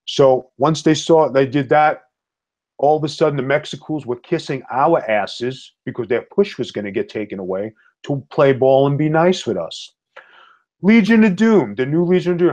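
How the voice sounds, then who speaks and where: A middle-aged man telling wrestling-career stories in a blunt, tough-talking, animated way, as a podcast guest. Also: fairly high pitch. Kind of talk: storytelling in casual chat. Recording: slightly dull lo-fi audio.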